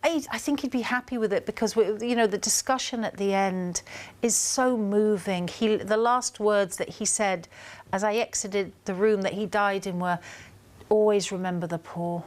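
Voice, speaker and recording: Animated Scouse woman telling stories. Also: mid-range voice. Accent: Liverpool (Scouse). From Liverpool, England. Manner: animated storyteller, slows down on emotional points. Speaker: guest author. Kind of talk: casual interview chat.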